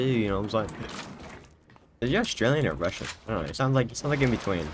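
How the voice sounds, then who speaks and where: A young man streaming a video game, profane, excitable and jokey as he plays. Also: mid-range voice, fast, noisy background. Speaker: gaming streamer. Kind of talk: live gameplay commentary. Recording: home mic with game music behind.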